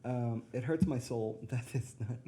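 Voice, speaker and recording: A woman's voice: rumbling low, measured pace, slight background noise. A woman co-hosting a casual chat while playing guitar, self-deprecating and laughing often. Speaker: podcast co-host playing guitar. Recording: guitar playing loudly behind her.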